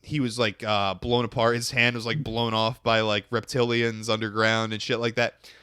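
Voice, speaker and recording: A man's voice: fairly low pitch, level tone, normal speed, sharp tone, clear, resonant tone, no echo, clean studio sound. A young man hosting a podcast, chatting casually in a rambling way, often restarting sentences and swearing. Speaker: podcast host.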